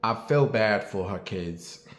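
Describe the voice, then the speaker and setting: A man's voice: on the low side, expressive, slow pace. A man in his late thirties hosting his own show, talking bluntly and with plenty of profanity in a casual commentary monologue, and asking his audience what they think. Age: late 30s. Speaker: show host. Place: at home. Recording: echoey room.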